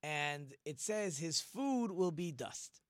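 Guy with a fairly high voice teaching a torah class, lively, acts out the lines, dry close sound. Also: slow, no room sound. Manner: animated, acts out quoted speech in different voices. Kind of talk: informal Bible lesson.

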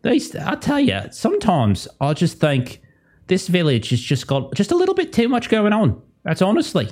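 A man's voice: sits high, wildly swooping pitch, normal speed, darkish tone, voice pushed up, heavily acted. A man voicing a fussy, gossipy gnome villager who rambles and frets in a raised voice. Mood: fretful.

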